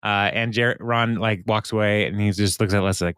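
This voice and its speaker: A man's voice: on the low side, steady tone, brisk, a bit bright, smooth, no room sound. Laughing man recapping a TV episode. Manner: laughs often while retelling scenes and quoting characters. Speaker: podcast host recapping a TV episode. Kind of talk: casual chat.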